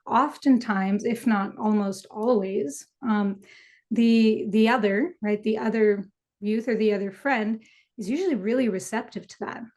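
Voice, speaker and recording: Affirming woman educator, somewhat high voice. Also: a little slow, darkish tone. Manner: affirming, frequent "right?" checks. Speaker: youth educator. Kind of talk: casual conversational talk.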